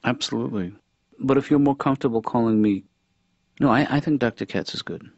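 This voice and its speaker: A man as therapist giving brief, low-key replies in a session. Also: fairly quick, a little mellow, no room sound. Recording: slightly dull TV audio.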